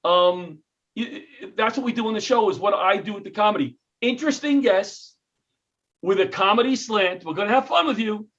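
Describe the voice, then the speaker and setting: A middle-aged man with a New York accent, a comedian and retired firefighter, telling stories in an interview with lively acted-out quotes. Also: high voice, moderate pace, muffled recording. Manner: animated storyteller, acts out quotes, self-interrupting. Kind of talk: interview storytelling.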